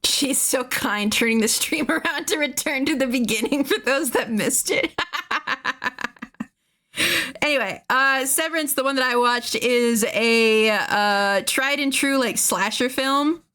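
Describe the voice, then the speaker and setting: Woman, streamer, casual rambling chat, frequent laughs, somewhat high voice. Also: measured pace, pushed and bright. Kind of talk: casual chat while drawing.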